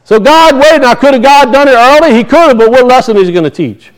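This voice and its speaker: A man's voice: very high-pitched, lively intonation, quick pace, rough recording. A middle-aged man preaching a sermon, firing rhetorical questions at his congregation. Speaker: pastor.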